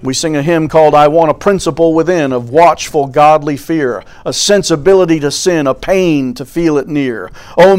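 Man preaching, slightly high voice, folksy storytelling, fervent swells. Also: a little mellow. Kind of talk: sermon.

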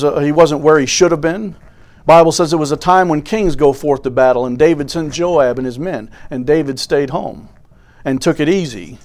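A man preaching a sermon, folksy storytelling with fervent swells. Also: a little high.

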